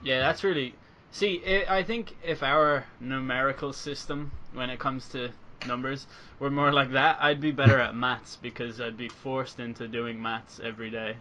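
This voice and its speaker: A man's voice: mid-range voice, fairly even intonation, normal speed, hardly any pauses, sharp tone, highs cut off, a little hiss or hum. A man co-hosting a podcast in dry, teasing casual chat. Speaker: podcast co-host.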